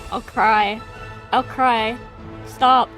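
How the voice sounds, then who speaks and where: A woman's voice: fairly high pitch, fairly even intonation, drawn-out words, fairly bright tone, soft background music. A woman streaming a game, gushing emotionally and reacting to every scene. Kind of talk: live gameplay reactions.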